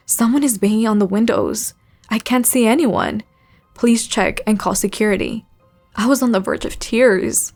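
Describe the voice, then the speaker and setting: A woman hosting a channel where she reads subscribers' scary stories aloud, telling them in a measured, suspenseful way. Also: mid-range voice, vocal fry, darkish tone. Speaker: host reading subscriber stories. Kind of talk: scary story narration.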